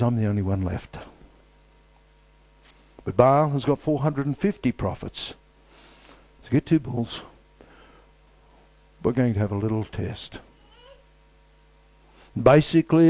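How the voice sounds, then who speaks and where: Male preacher, low mellow voice, emphatic repetitive delivery with dramatic pauses. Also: dry recording. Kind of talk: sermon.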